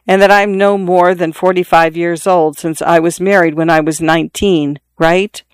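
A dying father in his forties, pressing his grown son with urgent, repeated instructions, as a reader acts him out. The voice is smooth and resonant, heard dry and close to the mic. An audiobook reading with a plain, everyday delivery. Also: mid-range voice, steady tone, moderate pace, no room sound, close to an everyday voice. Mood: confiding. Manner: confiding, insistent, repeating himself. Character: dying middle-aged father, earnest and pleading.

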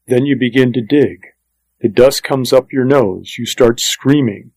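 A man's voice: mid-range voice, unhurried, darkish tone, no room sound, poor audio. A man voicing a weathered, easygoing male desert vineyard farmer in an audiobook reading, talking in a folksy, plain-spoken way.

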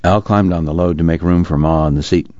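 Deep-voiced man narrating. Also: fairly even intonation, a little fast, mellow, no echo. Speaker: audiobook narrator. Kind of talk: scripted narration. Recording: dull lo-fi recording.

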